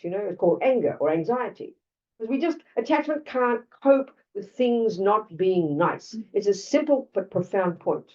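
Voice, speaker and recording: An older Australian woman giving a Buddhist dharma talk in a blunt, conversational way, full of asides to her listeners. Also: mid-range voice. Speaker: Buddhist teacher. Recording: lo-fi, distant mic.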